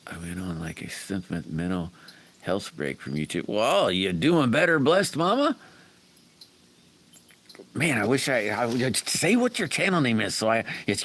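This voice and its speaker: Chatty low-voiced man on a livestream. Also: animated, moderate pace, a bit bright. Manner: chatty, rambling, chuckles often; folksy, talks straight to viewers by name. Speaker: livestream host. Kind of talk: casual livestream chat reading viewer comments.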